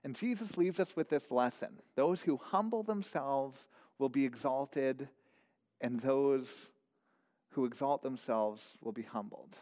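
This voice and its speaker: A man's voice: mid-range voice, unhurried, darkish tone. Male pastor preaching, earnest and searching, with a long hall reverb on the voice. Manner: earnest, repeats words, asks searching questions. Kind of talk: sermon.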